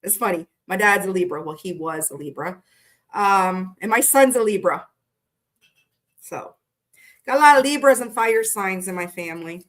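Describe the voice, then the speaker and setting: A middle-aged woman doing a casual live-stream tarot reading, talking in a chatty, blunt and animated way. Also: mid-range voice, moderate pace. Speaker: tarot reader.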